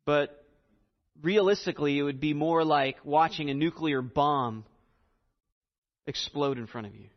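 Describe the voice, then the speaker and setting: Man, preacher, sermon, slow emphatic delivery, slightly high voice, long hall echo. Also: dull audio.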